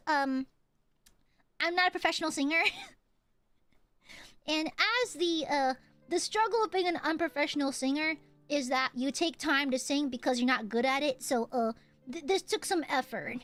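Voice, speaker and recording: A young American woman, a VTuber streamer, speaks at a moderate pace in a high, fairly bright voice, with faint music in the background. Streaming casually, she reads donations, thanks donors playfully, and shrieks back at her chat.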